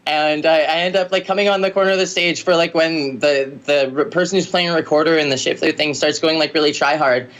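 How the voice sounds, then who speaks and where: Rambling, lively woman musician. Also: sits low, brisk, few pauses, muffled recording. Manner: rambling, lively, with many "like" fillers and laughs. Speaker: musician guest. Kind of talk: casual interview storytelling.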